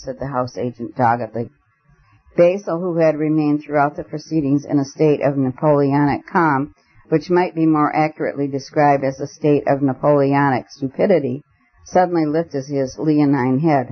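A man narrating a story aloud as an audiobook reader, in a measured, expressive way. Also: a little high, highs cut off. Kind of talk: scripted narration.

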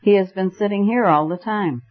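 A man reading an audiobook, voicing a solemn, decorous French gentleman who sounds incredulous. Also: on the high side, normal speed, lightly acted. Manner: incredulous, doubtful. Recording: dull lo-fi recording.

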